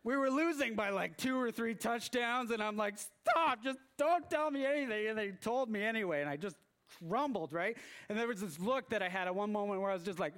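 A man with a high voice preaches a sermon and tells a story to make his point. He acts out the scenes, and his exclamations jump up in pitch and volume. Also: a little fast. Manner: storytelling with animated acted-out exclamations.

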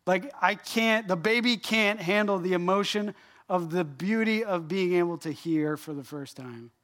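A man preaching a sermon, animated and emphatic, speaking directly to his congregation. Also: high-pitched, normal speed. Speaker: pastor.

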